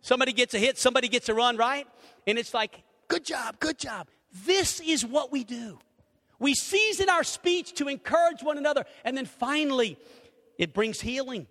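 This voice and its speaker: A middle-aged man preaching a sermon, animated, acting out little conversations and swinging between loud and hushed. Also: very high voice, moderate pace. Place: church sanctuary. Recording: reverberant hall.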